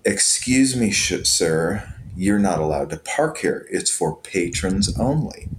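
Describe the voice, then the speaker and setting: Brief: man relaying a proud, firm, polite guard, very low voice, lightly sketched. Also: expressive, takes it slowly, background noise. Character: proud adult male Nigerian security guard.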